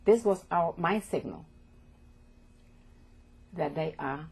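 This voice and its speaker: An older woman from Poland giving oral history testimony as an interviewee, speaking haltingly and repeating words as she goes. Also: low-pitched, expressive, a little mellow. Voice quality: gravelly, husky.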